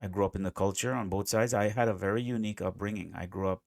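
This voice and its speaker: A man with an American accent giving casual, chatty reaction commentary, excitable and quick to laugh, with plenty of fillers. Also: fairly low pitch, vocal fry, no room sound, clean studio sound. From USA, South America and the Caribbean. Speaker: reaction video host.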